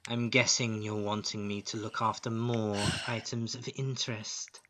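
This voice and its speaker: A man voicing a huge leering female spider creature who speaks with slow, silky menace. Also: mid-range voice, a bit bright, exaggerated voice.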